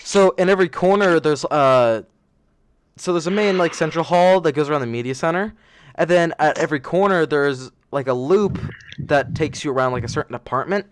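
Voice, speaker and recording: A man's voice: fairly high pitch, a little fast, a little hiss or hum. A young man hosting a podcast, telling stories in a rambling, self-correcting way and laughing as he goes. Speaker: podcast host. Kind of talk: casual storytelling chat.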